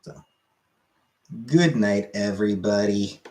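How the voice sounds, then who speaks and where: Speaking slowly in a lowish voice, a young male streamer hangs out and talks with his viewers. His relaxed chatter meanders, packed with fillers.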